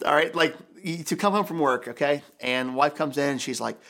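A man's voice: on the high side, a little fast, hardly any pauses, a bit bright. A man preaching a sermon as pastor, emphatic and repeating key phrases for weight.

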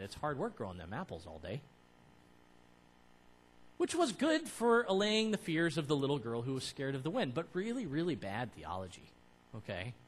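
A man preaching to his church in a conversational way, building to emphatic, louder peaks. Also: on the high side, poor audio. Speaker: pastor. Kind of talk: sermon.

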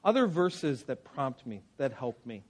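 A man's voice: medium pitch, sing-song, a little slow, breathy edge. A man preaching a sermon in an earnest, conversational way, with personal stories. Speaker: pastor.

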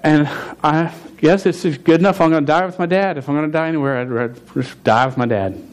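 A man in his forties preaching through a personal story, his voice sitting a little higher than most men's. He stutters and restarts his phrases often, telling the story with lively, laughing energy. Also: fast. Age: 40s. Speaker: pastor. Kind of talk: storytelling sermon.

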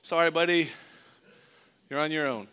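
A man's voice: on the high side, normal speed, pushed and bright, smooth. A middle-aged man from Florida preaching a sermon in a conversational, joking way, mixing scripture with a story from his own childhood. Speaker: pastor.

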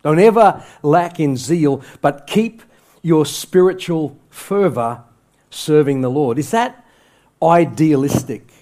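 A man's voice: a little high, lively intonation, slow pace, dark tone. A male pastor preaching a sermon to a congregation, with impassioned emphasis that rises and falls. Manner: impassioned, rising and falling emphasis. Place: church sanctuary with congregation.

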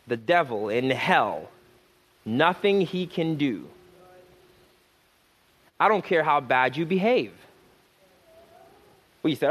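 A man preaching a sermon to a congregation. He stumbles and repeats words, then slows down and climbs into fervent, emphatic declarations. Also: medium pitch. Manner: repetitive restarts, rising to fervent emphasis, slows for key phrases. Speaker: pastor.

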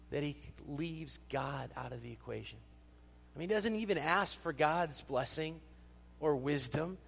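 A man preaching as pastor in a large church hall, his voice sitting a little high and trailing a long reverb. He delivers his sermon expressively, acting out quoted lines with lifted emphasis. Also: gravelly. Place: church sanctuary.

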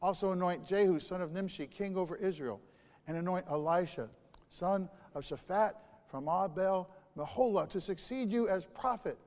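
Preacher doing the voice of God, steady and unhurried, reverb trailing off the walls. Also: male voice, lightly acted. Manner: low, measured, steady delivery. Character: calm, commanding God giving orders.

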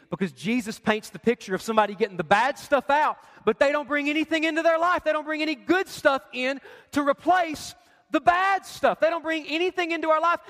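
A man's voice: high-pitched, a bit bright. A man preaching a sermon as pastor, emphatic and conversational, firing off rhetorical questions to his congregation. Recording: long reverb of a large hall.

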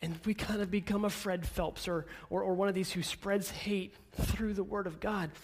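A male pastor in his thirties giving an earnest sermon, speaking gently and then building to emphatic declarations. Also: high-pitched, steady tone, normal speed.

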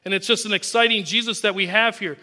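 High, bright-voiced male preacher. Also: steady tone, fast talker. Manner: earnest, reads verses aloud and explains them. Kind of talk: sermon with scripture reading.

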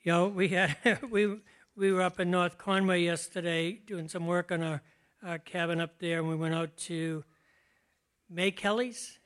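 An older man preaching a conversational sermon, relaxed and chatty, often laughing and slowing to stress key words. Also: high-pitched. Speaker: pastor.

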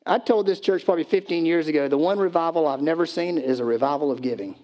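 A man's voice: on the high side, fast talker, darkish tone. Man preaching in a conversational sermon. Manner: conversational preaching, acts out pleading voices, loose restarts. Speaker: pastor.

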